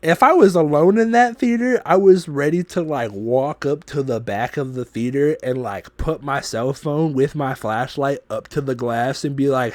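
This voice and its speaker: A man's voice: mid-range voice, normal speed, hardly any pauses, dry recording. Guy on a podcast telling a story, swears a lot, gets worked up, mic real close and dry. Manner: profane, animated storytelling with laughs. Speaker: podcast host.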